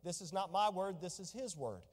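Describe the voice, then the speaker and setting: A male pastor preaches a sermon in church, his high-pitched voice expressive at normal speed with a long reverb tail. He reads scripture aloud in old wording and puts questions to the congregation in the pews.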